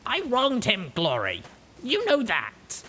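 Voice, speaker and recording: A man's voice: high-pitched, wildly swooping pitch, slow pace, bright, forceful tone, slight background noise, voice pushed up, heavily acted. A man voicing a determined young mare who leads and protects her friends, speaking earnestly. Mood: urgent.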